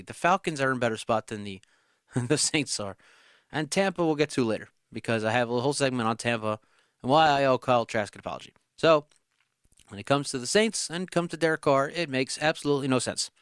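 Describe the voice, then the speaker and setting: A man's voice: medium pitch, dry recording, studio quality. A young man hosting his own sports talk show, giving blunt, opinionated takes in a ranting manner. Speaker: host.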